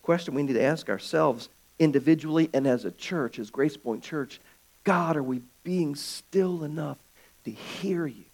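A man preaching a sermon as pastor of his church, swinging from loud calls to hushed, quiet stretches. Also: a little high, normal speed.

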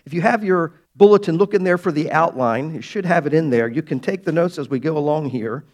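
A man pastor preaching a sermon to his congregation, emphatic and slowing down to stress key words. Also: fairly high pitch. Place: church sanctuary.

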